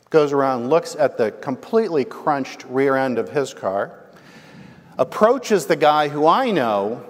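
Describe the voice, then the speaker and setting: A male pastor preaching a sermon in a conversational storytelling manner, often checking in with the congregation. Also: a little high. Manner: conversational, animated, asks the congregation "right?". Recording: long reverb from a large hall.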